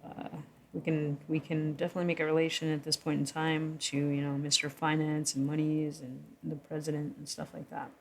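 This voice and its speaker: A woman's voice: deep voice, level tone, brisk, gravelly, a little mellow, a little hiss or hum. A woman talking through a story she wrote in casual vlog commentary, rambling, correcting herself and chuckling between thoughts. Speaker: writer explaining her own story. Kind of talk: casual vlog commentary reading from her draft.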